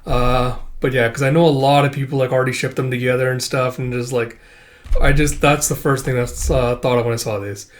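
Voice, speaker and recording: A man's voice: mid-range voice, flat delivery, fairly quick. A man hosting a casual manga read-through, rambling with many fillers. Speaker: host.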